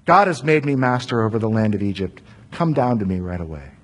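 A man's voice: on the low side, lively intonation, a little fast, voice pushed down. A man as Joseph, a forgiving ruler. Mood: reassuring. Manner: commanding then reassuring.

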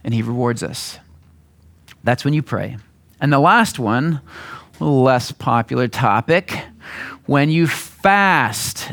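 A man giving a sermon in a relaxed, conversational way, often acting out short quoted voices to make his point. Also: a little high. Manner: conversational, acts out little voices in his examples. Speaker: preacher.

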